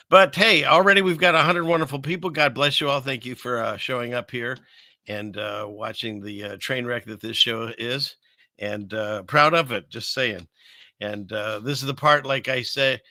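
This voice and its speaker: A man's voice: mid-range voice, pushed and bright, no echo. An older man hosting a casual live stream, rambling and joking at himself with lots of fillers and restarts, from a small room at his computer. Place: small upstairs room above a fireplace.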